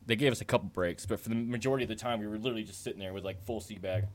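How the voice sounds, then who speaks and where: A young man co-hosting a casual podcast, joking and swearing as he recalls military training. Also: fairly low pitch. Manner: joking, swearing, quick reactions. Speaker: podcast co-host, military veteran. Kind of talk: casual storytelling chat.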